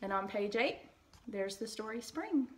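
A young woman teacher reading a storybook aloud to her class, speaking gently and clearly and asking the children questions. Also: on the high side, expressive, a little slow, slight background noise, rough recording.

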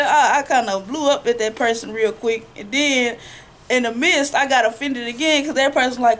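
A married woman in a church class telling about her own experiences, animated and laughing between phrases. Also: fairly high pitch, normal speed, a little hiss or hum. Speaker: class member. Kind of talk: sharing in a church class discussion.

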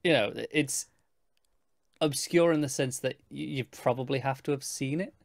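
A man's voice: mid-range voice, normal speed, gravelly, dry recording. A man co-hosting a casual podcast review, wry and dry, often stammering at the start of a thought. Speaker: podcast co-host.

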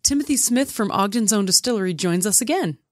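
A woman's voice: mid-range voice, lively intonation, a little fast, no room sound, clean studio sound. Chatty, enthusiastic female podcast co-host. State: recovering from losing her voice. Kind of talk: casual podcast chat.

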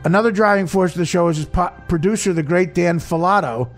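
A man hosting a podcast in casual chat, teasing and reading aloud haltingly. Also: high-pitched, soft background music. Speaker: podcast host.

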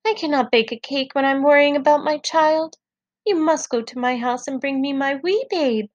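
Woman doing a demanding storybook baker woman, high and fussy. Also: normal speed, no room sound, highs cut off, lightly acted. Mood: insistent. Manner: fussy, insistent.

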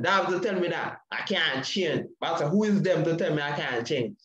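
A man's voice: on the high side, brisk, hardly any pauses, a bit bright, echoey room, muffled recording. A man giving an impassioned testimony in a repetitive preaching cadence. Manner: preaching cadence with repeated phrases. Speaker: panel speaker sharing testimony.

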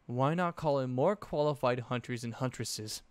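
A man voicing a fiery, protective young woman who argues forcefully and in a panic. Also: mid-range voice, moderate pace, clean tone, no room sound, close to an everyday voice. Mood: defiant.

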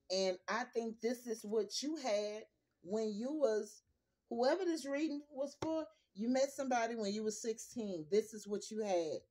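A woman's voice: a little high, darkish tone. An older woman gives a casual tarot reading to her viewers. She is blunt and profane, repeating her points for emphasis. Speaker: tarot reader.

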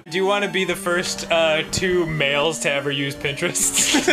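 Man hosting a game stream, animated pitch, game music in the background. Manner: rambling, playful, slips into silly voices. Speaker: host. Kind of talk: let's play commentary.

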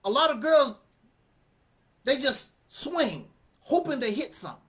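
Guy ranting on his channel, lively up-and-down voice, laughs a lot, repeats himself. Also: very high voice, measured pace. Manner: animated and preachy, laughs often, repeats phrases. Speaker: channel host giving commentary. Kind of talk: casual spoken commentary.

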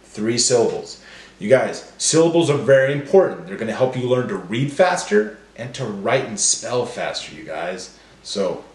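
A man teaching a phonics lesson to young children, stretching each word slowly and cheering them on. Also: mid-range voice, very animated, darkish tone, echoey room. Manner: slow, stretched word-by-word drills; encouraging.

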